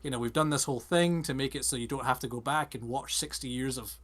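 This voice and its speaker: A man co-hosting a casual podcast, talking quickly and enthusiastically with lots of fillers. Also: medium pitch, fairly even intonation, a bit bright. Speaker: podcast co-host. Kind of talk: casual chat.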